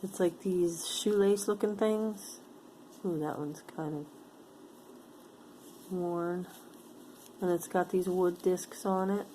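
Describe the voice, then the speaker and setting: Woman, unhurried, lowish voice, chatty show-and-tell, faint hiss behind. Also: steady tone, warm tone. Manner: chatty, musing aloud, easily delighted. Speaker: vlogger sorting jewelry for sale. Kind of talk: casual show-and-tell chat.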